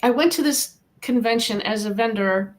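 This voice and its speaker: A middle-aged American woman with a fairly high voice talks as an interview guest. She tells her story in an earnest, lively way and encourages the listener. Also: normal speed. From United States. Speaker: guest, animal communicator. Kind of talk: casual interview talk.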